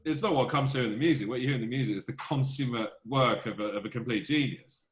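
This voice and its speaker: A man, a film composer, telling stories as a guest in a casual interview, animated and self-deprecating. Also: mid-range voice, fast talker, echoey room.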